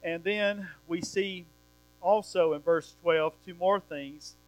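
A man preaches a sermon in a high voice. He works through the verses one by one and puts questions to his listeners. A steady mains hum runs under the recording. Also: slow, no room sound, low-quality recording. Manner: explains verse by verse, asks the room questions.

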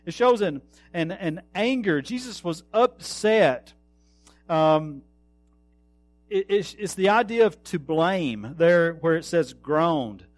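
A man preaching a sermon, earnest, slowing down to stress words and trailing off softly. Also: a little high, animated, no echo, soft background music. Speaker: pastor.

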